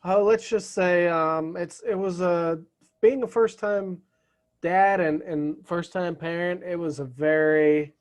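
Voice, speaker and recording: A man's voice: sits high, steady tone, slow. A young adult man chatting casually as a podcast guest, often restarting and repeating words. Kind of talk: casual chat.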